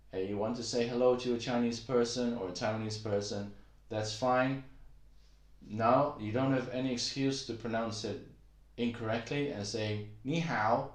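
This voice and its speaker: A man giving a casual spoken lesson on pronunciation, relaxed and halting, with many fillers, slowly demonstrating sounds. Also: medium pitch, reverberant. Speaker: language teacher.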